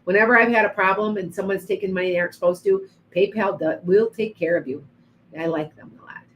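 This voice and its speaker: A woman's voice: medium pitch, fast talker, a bit bright, a little hiss or hum, poor audio. A woman doing psychic readings on a livestream, chatting to viewers by name with frequent restarts. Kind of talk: live-stream reading and chat.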